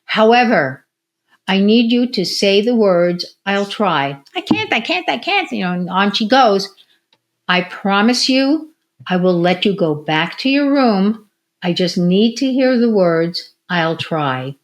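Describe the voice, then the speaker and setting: Slow and medium-pitched, an older woman from the US reminisces about her days as a physical therapist, now retired, in an easygoing interview. She animates each anecdote by imitating the people she quotes.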